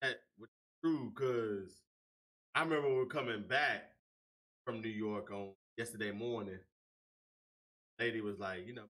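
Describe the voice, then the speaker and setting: A man's voice: on the low side, measured pace, pauses often. A man co-hosting a podcast in casual chat, telling stories animatedly and acting out what people said. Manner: animated storyteller, acts out quotes loudly. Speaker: podcast co-host.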